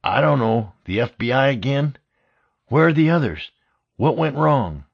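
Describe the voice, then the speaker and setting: A man's voice: medium pitch, expressive, unhurried, vocal fry, dull audio, pitched above the performer's own voice. A man reading a nervous teenage boy on night watch in an audiobook, asking anxious, pleading questions.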